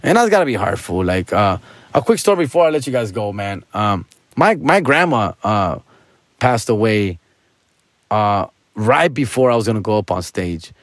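A male comedian tells a personal story to his listeners in a relaxed, candid way, peppering it with street slang. His voice sits a little low. The sound is dry and close, with no room echo. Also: moderate pace. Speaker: stand-up comedian, podcast host.

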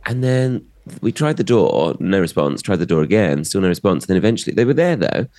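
A man's voice: sits low, very animated, fairly quick, darkish tone. A middle-aged man, a comedian co-hosting a podcast, chatting in a playful, gossipy way. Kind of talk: casual chat.

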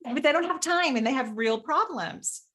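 A woman's voice: high voice, animated, a little fast, fairly bright tone. Effusive woman hosting an interview. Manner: effusive, laughs often. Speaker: podcast host. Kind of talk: casual interview chat.

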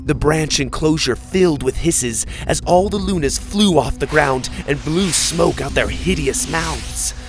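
A man narrating a children's adventure story in the first person, with expressive storytelling. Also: fairly high pitch, a little slow, hardly any pauses. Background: faint music.

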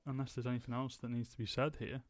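This young man hosts a podcast, talking fast in a medium-pitched voice with little pitch movement. The conversation is casual and rambling, full of fillers.

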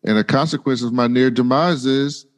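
A man's voice: mid-range voice, normal speed. A man co-hosting a podcast, retelling scenes in casual slangy paraphrase. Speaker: podcast co-host. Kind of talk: casual recap chat.

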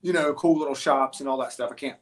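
Rambling, animated male storyteller. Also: medium pitch, fast talker. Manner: rambling, animated storyteller with many restarts and fillers. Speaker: guest musician. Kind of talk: casual interview storytelling.

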